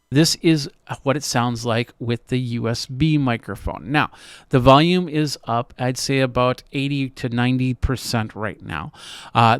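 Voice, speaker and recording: A man's voice: medium pitch, clear, resonant tone, no room sound. A man, a tech reviewer, casually demonstrating a product and explaining each step as he goes, speaking close into a studio microphone. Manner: explanatory, walks through steps with fillers. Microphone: studio podcast mic close to mouth.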